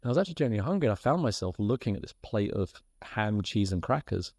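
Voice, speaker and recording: A British man, a podcast guest, telling a lively anecdote and acting out the people in it. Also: lowish voice, quick pace, dry recording, clean studio sound. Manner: lively storyteller who acts out quoted voices and laughs as he tells.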